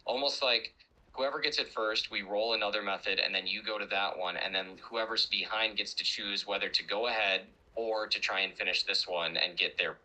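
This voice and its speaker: A man with a low but sharp, bright voice chats on a call with a fellow streamer. He talks through his ideas aloud and tells a story at an easy pace. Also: steady tone, normal speed, rough recording. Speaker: guest streamer. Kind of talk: casual chat over voice call.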